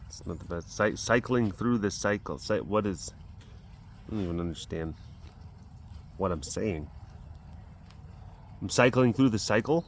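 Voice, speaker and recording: A man's voice: lowish voice, expressive, unhurried, pauses often, slight background noise. Chatty man vlogging among big cats. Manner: chatty, laughing, coos affectionately at the animals. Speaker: animal caretaker and vlog host. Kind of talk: casual storytelling vlog. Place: outdoors at a big cat facility.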